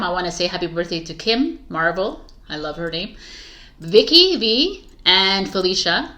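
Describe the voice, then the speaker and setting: Giggly tarot-reading woman, lively voice. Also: lowish voice. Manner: giggly, stumbling over words, swearing. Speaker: tarot reader. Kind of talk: casual blooper chat.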